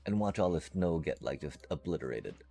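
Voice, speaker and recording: A man's voice: extremely low pitch, expressive, a little fast, vocal fry, mellow. A man streaming a game live, chatting casually and playfully to his viewers in a rambling way. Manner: rambling and playful, addresses chat.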